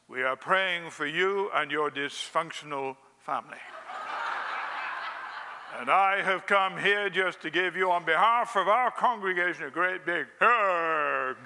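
A man's voice: fairly high pitch, in a large hall, background noise. A man playing a brash, overfamiliar churchgoer who talks in a folksy, effusive way.

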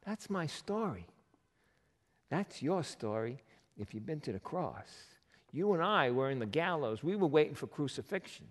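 A pastor delivers a sermon in a reverberant hall, his fairly high-pitched voice moving at normal speed. His preaching is animated and conversational, full of rhetorical questions.

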